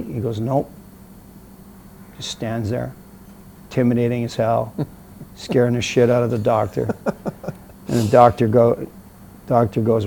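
A man's voice: medium pitch, a little slow, vocal fry, long pauses, slight background noise. A middle-aged man, an interview guest, telling a story casually and acting out the voices of the people in it. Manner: animated storyteller, acts out quoted voices.

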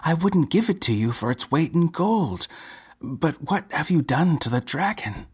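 A man's voice: on the high side, sing-song, a little slow, breathy edge, pitched above the performer's own voice, exaggerated voice. A man putting on a frightened young goatherd. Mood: defiant. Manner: pleading, then firm.

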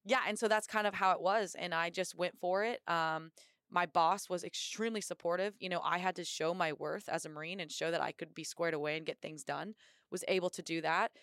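A young American woman, a Marine officer and athlete, telling her story in a casual podcast interview with lively energy and acted-out quotes. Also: on the low side, a little fast, smooth, no echo, clean studio sound. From United States. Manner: energetic, upbeat storyteller who acts out quotes.

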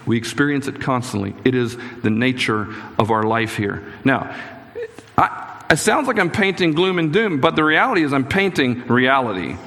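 Middle-aged male pastor, gravelly, earnest storyteller, echoey hall. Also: mid-range voice, expressive, moderate pace, fairly bright tone. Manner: earnest, personal storytelling with frequent restarts. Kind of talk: sermon. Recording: echoey hall with long reverb.

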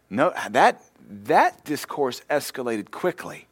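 A man preaching a sermon with impassioned, storytelling delivery that swells louder and higher. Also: animated, a little fast, no room sound. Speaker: pastor.

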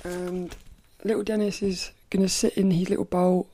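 A woman's voice: on the low side, level tone, normal speed, mellow, a little hiss or hum. A woman hosting her own podcast in casual solo chat, rambling and stopping to restart her sentences. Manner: rambling, stop-start, self-correcting. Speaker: podcast host.

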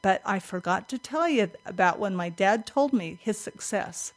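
An older woman tells a story from her own life in an interview with a voice of middle pitch. She talks in an animated way, acts out what she thought back then and breaks into laughter often. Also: moderate pace. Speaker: interview guest. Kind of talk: personal storytelling in conversation.

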